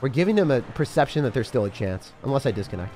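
A young man giving live commentary as he plays a mobile game, thinking aloud and breaking into sudden excited yelps. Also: medium pitch, quick pace, soft background music. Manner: excitable, talks to himself while playing, sudden yelps. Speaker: game streamer.

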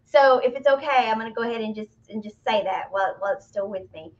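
A woman co-hosting a spiritual talk show, explaining her teachings in a casual, animated way with playful exclamations. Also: fairly high pitch, fast talker. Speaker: spiritual medium co-host. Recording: muffled lo-fi audio.

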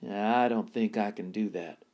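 A man reading aloud voices a shy, hesitant shop clerk who stammers and speaks slowly. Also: fairly low pitch, close to an everyday voice. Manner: hesitant, stammering, slow and quiet.

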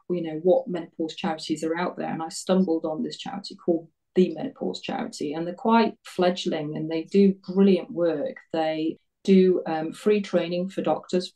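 A woman's voice: fairly low pitch, mellow, recorded from a distance, poor audio. A woman in her fifties, a guest telling her story in a casual interview, chatty and self-deprecating, often laughing at herself.

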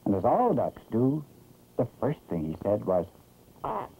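A man narrating a children's cartoon storybook-style, gentle and animated. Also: lowish voice, moderate pace, creaky. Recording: muffled, hissy 1960s film soundtrack.

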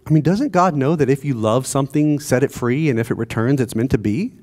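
A pastor preaching a sermon in a conversational way, asking the congregation rhetorical questions. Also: male voice, medium pitch, brisk, a little mellow. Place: church.

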